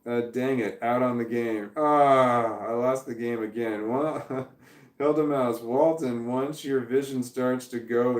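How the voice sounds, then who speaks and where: A man in his forties chats loosely on a livestream in a mid-pitched voice, wandering from one viewer comment to the next with little chuckles. The sound carries a roomy echo. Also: a little mellow. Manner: rambling, reads viewer comments aloud and chuckles. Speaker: livestream host. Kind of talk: casual livestream chat.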